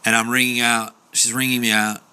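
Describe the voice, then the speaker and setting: A man's voice: mid-range voice, little pitch movement, a little fast, pushed and bright, clean tone. A young man casually telling a true story, chatty, with fillers and acted-out quotes.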